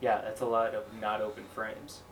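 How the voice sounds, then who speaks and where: Male comedian guest, playful riffer, mid pitch, distant mic with faint background noise. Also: monotone, normal speed, fairly bright tone. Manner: playful, riffs on odd ideas, asks many questions. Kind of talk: casual comedy chat.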